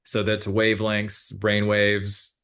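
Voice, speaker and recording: A man's voice: on the low side, monotone, slow pace, vocal fry, fairly bright tone, smooth. A man working as a hypnotherapist, explaining his sessions in a casual interview, meandering, with many fillers and self-corrections.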